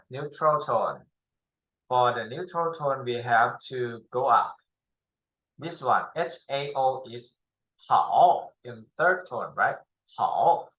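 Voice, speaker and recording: A man with Thai as his first language teaching Chinese tones, speaking slowly with many repetitions, fillers and pauses. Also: mid-range voice, pushed and bright, low-quality recording. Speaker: Chinese tutor. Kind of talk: slow spoken language lesson.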